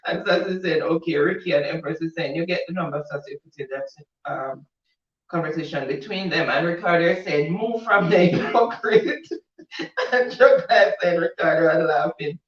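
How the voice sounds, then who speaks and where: A man's voice: fairly high pitch, normal speed. A man co-hosting a casual live show, reading viewer comments aloud and laughing often. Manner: laughing often, reads comments with a Caribbean lilt. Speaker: co-host reading live chat. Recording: echoey, distant, dull audio.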